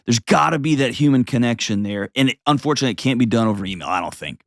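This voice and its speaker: A man's voice: mid-range voice, expressive, rapid-fire, no room sound, studio quality. A man hosting an advice show, talking bluntly and emphatically and repeating words for stress. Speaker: host.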